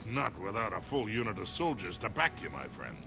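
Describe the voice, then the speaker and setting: A man's voice: fairly low pitch, big pitch swings, fairly quick, vocal fry, sharp tone, faint music behind, exaggerated voice. An actor playing a stern male dwarf guard in a video game, dry and warning.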